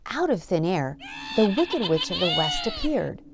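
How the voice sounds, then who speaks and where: A middle-aged woman narrating a children's story in a gentle, sing-song read-aloud manner. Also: medium pitch, huge pitch swings, a little slow, noisy background. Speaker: narrator and producer.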